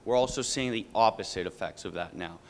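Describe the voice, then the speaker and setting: A man's voice: fairly low pitch, a little fast, slight background noise. A man giving a blunt, rallying campaign speech as a political candidate. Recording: hall reverb.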